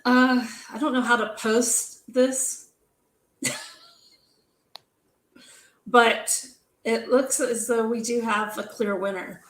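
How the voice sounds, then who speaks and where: A woman's voice: a little high, fairly even intonation, slow pace, long pauses, fairly bright tone, roomy sound, poor audio. A woman co-hosting a live pen show stream, chatting casually, trailing off and restarting, and swearing now and then.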